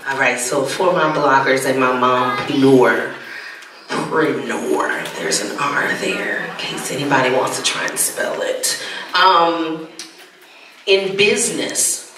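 A man's voice: fairly high pitch, unhurried, noisy background. A man moderating a panel, asking long, joking questions. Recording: very echoey hall, mic far off.

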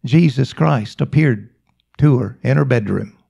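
A male preacher telling a story in a sermon, with slow, emphatic, repetitive phrasing. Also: medium pitch, creaky, dark tone, breathy edge, highs cut off.

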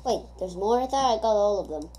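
Mellow-voiced woman rambling over gameplay. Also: mid-range voice, expressive, brisk. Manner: rambling, thinking aloud with many hesitations. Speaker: gamer. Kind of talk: casual gameplay commentary.

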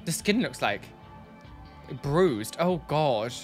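A man's voice: a little high, animated, takes it slowly, soft background music. Exasperated man reacting bluntly. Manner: blunt, exasperated, sighing and repeating himself. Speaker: reaction video host. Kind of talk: casual reaction commentary.

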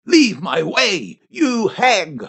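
A man's voice: high voice, lively intonation, a little fast, no echo. A man voicing a stern, angry village priest who scolds and threatens in a storybook reading. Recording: dry, slightly dull home studio.

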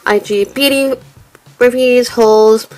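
A woman's voice: on the high side, fairly even intonation, takes it slowly, darkish tone. A young woman with a nasal voice from getting over bronchitis, chatting through a rambling get-ready-with-me beauty vlog. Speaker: beauty vlogger.

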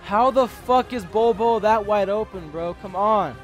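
A high-voiced young man rages through his basketball game, swearing nonstop and yelling at his players. His commentary bursts loud and high over clear game music playing behind him. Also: a little slow. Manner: swears constantly, yells and curses at the game. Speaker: gaming channel host. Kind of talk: raging live gameplay commentary.

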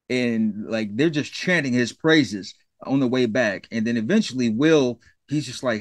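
A man's voice: medium pitch, measured pace, few pauses. A man with a mid-range voice recaps a sitcom plot in an easygoing way. He acts out the characters' lines and lets his feelings about the story show. The sound is dry, with no room echo. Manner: laid-back, quotes characters, easily moved. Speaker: podcast co-host. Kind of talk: casual chat recapping a TV episode.

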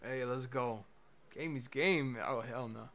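A man's voice: medium pitch, measured pace, fairly bright tone. A young man streaming, teasing a chatbot with crude, mocking remarks. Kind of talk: casual livestream commentary.

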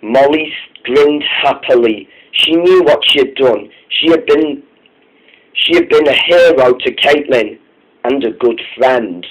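Slow, halting young male storyteller. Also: medium pitch, low-quality recording. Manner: halting, frequent restarts. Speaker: narrator. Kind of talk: amateur storybook narration.

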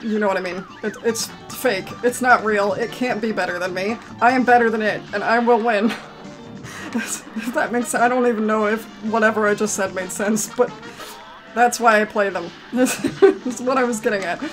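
A woman's voice: medium pitch, fairly even intonation, normal speed, faint music behind. A woman commentating a video game, grumbling with exasperation and breaking into sudden outbursts. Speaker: gaming commentator. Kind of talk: frustrated let's-play commentary.

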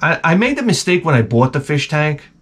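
A man hosting a comedy podcast, telling crude stories in a rambling, profane, deadpan way. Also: fairly high pitch, a little fast, slightly rough. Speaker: podcast host.

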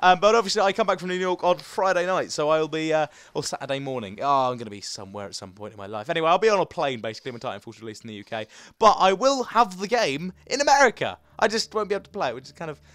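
Male gaming commentator, fairly high-pitched, lively, yells then mutters under his breath. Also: fast talker, few pauses, no echo. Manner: swings between frustrated outbursts and muttered asides. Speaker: gaming video host. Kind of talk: live gameplay commentary.

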